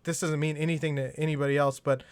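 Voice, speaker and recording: A man's voice: on the high side, flat delivery, fast, smooth, no echo. A man from Southern California hosting a casual comedy podcast, reading out listener questions with crude jokes and frequent laughs. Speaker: podcast host.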